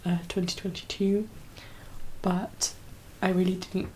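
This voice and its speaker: A soft-spoken young woman, chatting in an ASMR video, slipping into whispers and teary as she rambles with many fillers. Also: fairly low pitch, little pitch movement, unhurried, a little hiss or hum, poor audio. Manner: rambling, full of fillers and laughs. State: teary, emotional. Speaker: ASMR creator.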